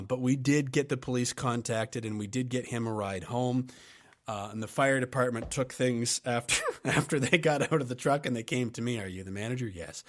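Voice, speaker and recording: A man hosting a podcast who tells a story in a relaxed, anecdotal way and chuckles as he goes. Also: mid-range voice. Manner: relaxed, anecdotal, laughs while telling. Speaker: podcast host.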